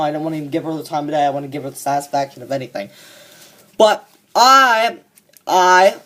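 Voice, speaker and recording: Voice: mid-range voice, natural voice. A fan performer voicing a cocky young man who rants smugly and swears a lot about a coworker, in a comedic monologue. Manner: ranting, profane and smug.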